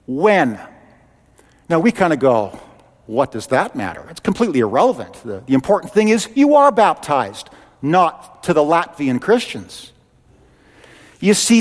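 A man preaching in an animated, conversational way. His voice sits high, and a long church reverb trails after each phrase. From Canada. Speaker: pastor. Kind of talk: sermon.

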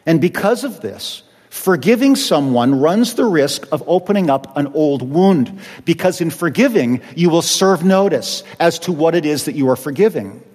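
A man's voice: on the high side, lively intonation, moderate pace, few pauses, a little mellow, breathy edge. Male pastor, sermon delivery, acts out quotes, reverberant church hall. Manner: preaching with acted-out quotes.

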